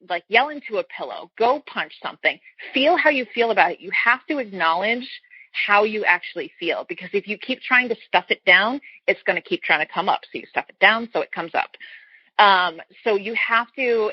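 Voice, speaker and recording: Husky-voiced woman coach, earnest and explanatory. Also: medium pitch, dry recording. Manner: earnest, explains with everyday analogies, frequent restarts. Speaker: fertility coach guest. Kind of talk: casual interview chat. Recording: dull, lo-fi sound.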